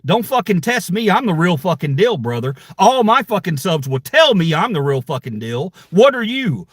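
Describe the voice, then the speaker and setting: A man's voice: sits high, big pitch swings, moderate pace, hardly any pauses, husky, dry recording, studio quality. A man hosting his own channel, ranting angrily at online critics in a heated, profane, confrontational way. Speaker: channel host. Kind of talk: angry livestream rant.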